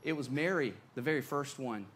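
A man preaching a sermon as pastor, conversational and animated, often repeating words as he goes. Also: medium pitch, fairly quick, a little hiss or hum.

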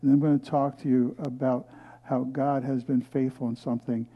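A middle-aged male pastor preaching a sermon, telling a personal story and reading scripture loudly, then dropping to hushed asides. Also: medium pitch, little pitch movement, normal speed, dull audio.

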